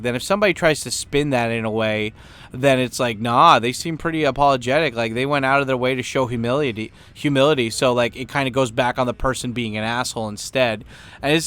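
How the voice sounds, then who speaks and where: A man's voice: mid-range voice, fairly bright tone, smooth. A man hosting a podcast, talking in a casual, rambling way with lots of fillers and swearing. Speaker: podcast host. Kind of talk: casual profane monologue.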